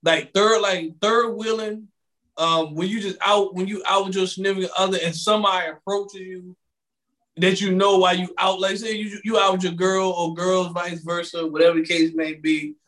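A man hosting a podcast in casual chat, telling animated stories and acting out both sides of conversations into a microphone. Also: high-pitched, normal speed. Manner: animated storytelling, acting out exchanges with quoted voices. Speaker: podcast host. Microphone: studio microphone.

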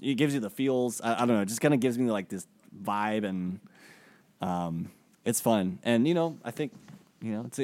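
Low-voiced man hosting a podcast. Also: darkish tone. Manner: hesitant, many fillers and restarts. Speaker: podcast co-host. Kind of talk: casual chat.

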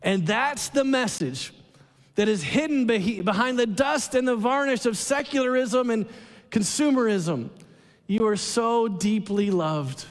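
A man preaching in a high, unhurried voice, drawing out his words and pausing for weight. He turns often to the congregation with questions and lets his feelings show. The sound rings with the long reverb of a big church sanctuary. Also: animated, faint music behind. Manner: emotive preaching, slows for emphasis, asks the congregation questions. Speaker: pastor. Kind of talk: sermon.

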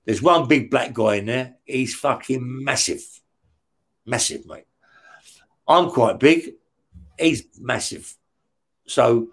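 A man telling stories as an interview guest, blunt and rough-spoken, swearing heavily and tagging his lines with "yeah?". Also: medium pitch. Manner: heavy swearing, frequent "yeah?" tag questions. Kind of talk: casual storytelling.

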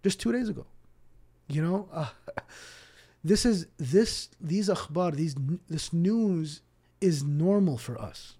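Mellow, higher-voiced Palestinian-born imam. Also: male voice, takes it slowly, breathy edge. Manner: animated storyteller who acts out dialogue; repeats words as he restarts. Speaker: imam and podcast guest. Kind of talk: casual storytelling interview.

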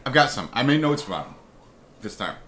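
A man's voice: medium pitch, sing-song, a little fast, a bit bright, a little hiss or hum. A man co-hosting a casual podcast, rambling and defensive as he banters. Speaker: podcast co-host.

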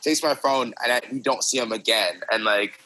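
A young man, a podcast guest, chatting casually with quick asides. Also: medium pitch, noisy background. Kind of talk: casual chat.

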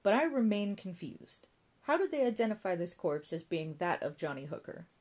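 A confused, dry-witted grown man from an audiobook, flat and puzzled in his replies. A woman voices him with a low, plain delivery. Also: normal speed.

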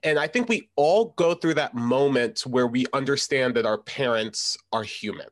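A man of middle pitch talking things over in a thoughtful, conversational way. His voice is recorded dry and close, with no room sound. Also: normal speed, dry recording. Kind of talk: casual discussion.

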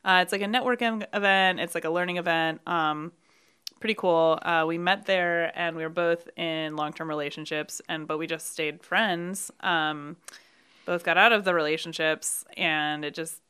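A woman's voice: on the low side, moderate pace, smooth. A woman chatting casually and loosely, with plenty of fillers. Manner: relaxed, uses lots of fillers. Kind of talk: casual chat.

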